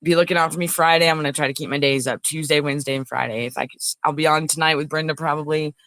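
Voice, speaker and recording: A woman's voice: low voice, fairly even intonation, rapid-fire, a bit bright, dry recording. A woman hosting a casual livestream, chatting in a rambling way and greeting viewers by name. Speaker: livestream host. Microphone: phone.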